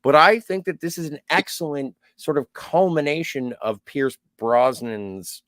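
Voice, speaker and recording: A man co-hosting a podcast, chatting casually and enthusiastically about a film, quick to exclaim praise. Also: fairly high pitch, a bit bright, dry recording, studio quality. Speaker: podcast co-host.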